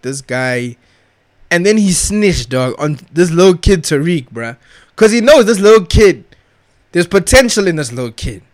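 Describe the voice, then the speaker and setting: A young man's voice, pitched a touch high, talking straight into a dry, close mic with no room sound. He rants casually in thick slang, swears freely and leans on repeated filler address words. The delivery is emphatic and restless. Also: no echo. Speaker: vlogger reviewing a TV show. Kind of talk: casual rant.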